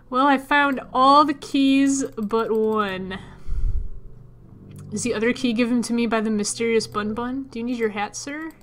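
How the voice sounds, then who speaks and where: A woman's voice: on the high side, slow pace, pauses often. A young woman casually commenting as she plays a puzzle game, chatting to her viewers and muttering to herself. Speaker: let's player.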